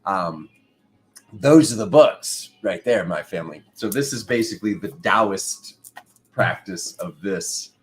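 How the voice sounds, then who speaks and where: Fresh out of bed, a man hosts a spiritual tarot live stream, greeting viewers casually and playfully calling them out by name. His voice sits fairly low, sounds expressive, and moves at an unhurried pace.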